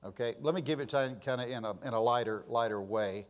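A man's voice: medium pitch, fast. An older man preaching a sermon, moving from easy storytelling to impassioned, emphatic exhortation. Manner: building from conversational to impassioned crying out. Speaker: pastor.

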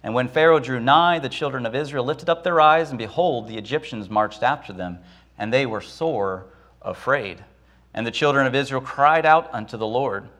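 A man's voice: mid-range voice, fairly bright tone. A man preaching a sermon who acts out the voices of the people and Moses, with dramatic rises and drops. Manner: dramatic, acts out Israelites and Moses in quick asides.

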